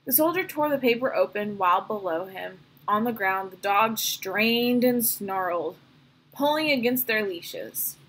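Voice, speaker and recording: A woman reading a novel aloud in a steady storytelling manner, with a slightly breathy voice. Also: mid-range voice, a little slow, low-quality recording. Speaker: reader.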